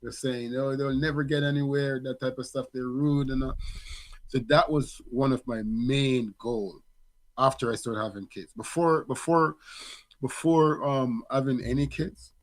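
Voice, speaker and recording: Unhurried and fairly even in intonation, a middle-aged man speaks in a mid-range voice. As a father and podcast co-host, he reflects in relaxed conversation, with plenty of fillers and false starts.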